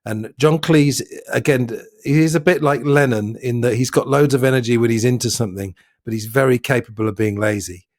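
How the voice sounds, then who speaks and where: A man hosting a casual film discussion podcast. His voice sits at an ordinary middle pitch and sounds dry and close to the mic. He leads the chat and muses aloud with small hesitations. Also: fairly quick, few pauses, darkish tone, dry recording. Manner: leads the talk, musing and a bit hesitant. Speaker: podcast host.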